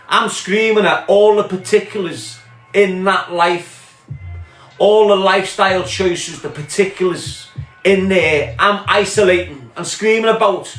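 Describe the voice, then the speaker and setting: A man's voice: high-pitched, echoey room, low-quality recording. A man with a Scouse accent, ranting angrily in a monologue and swearing as he fires off pointed questions. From Liverpool, England. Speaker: podcast host. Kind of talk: impassioned monologue.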